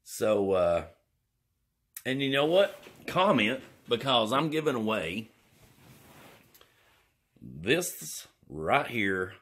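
Slow, rambling man. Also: mid-range voice, sing-song, fairly bright tone, breathy edge. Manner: rambling, jokey, drawling. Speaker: vlogger. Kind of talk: rambling comic vlog. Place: indoors.

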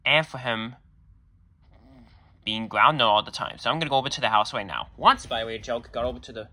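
A man's voice: mid-range voice, brisk, pushed and bright. A young man narrating a homemade cartoon in a chatty, giggly way.

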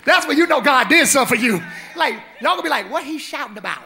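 A man pastor preaching an Easter sermon live in a church on a handheld mic, exuberant and shouting, laughing and trading call-and-response with the congregation. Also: very high voice, expressive, fast. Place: church sanctuary. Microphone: handheld microphone.

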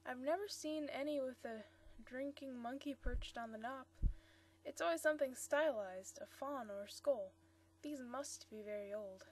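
Woman voicing an eager young bride-to-be, quick to exclaim, high bright read. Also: lightly acted. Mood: excited.

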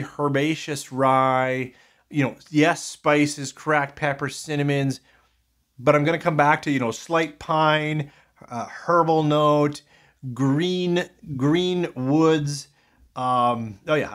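A man's voice: fairly high pitch, fairly bright tone. A man casually reviewing whiskies in a rambling, thinking-aloud way, full of fillers and restarts.

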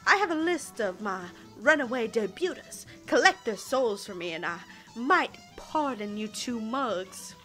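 A woman reading the lines of a menacing male devil with a Southern US accent, slow and roaring. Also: on the high side, expressive, a bit bright, faint music behind.

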